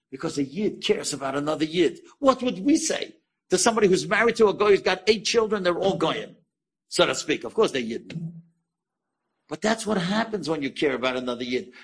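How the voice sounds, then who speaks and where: A man, a rabbi, telling an inspirational story to an audience, acting out the dialogue with big jumps in pitch and asking his listeners questions. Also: gravelly, breathy edge. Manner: animated, acts out quoted dialogue with sudden high pitch jumps; asks the audience direct questions.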